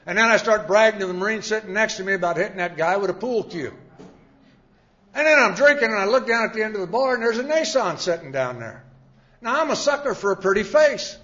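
An older man shares his recovery story with an audience, plainspoken, folksy and poking fun at himself. His voice sits high and is expressive, fast and a little bright, on a dull lo-fi recording.

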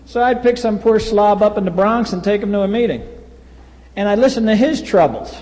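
A man's voice: high voice, brisk, darkish tone. A man, telling a blunt, wry personal story at a recovery meeting. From US East Coast. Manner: wry, blunt, acts out quoted voices. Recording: reverberant hall.

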